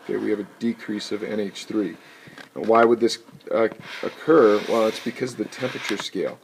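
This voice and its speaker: A man teaching a chemistry lesson in a playful, jokey way with animated asides. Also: lowish voice, fairly quick, gravelly. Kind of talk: recorded lecture. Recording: noisy recording with clicks.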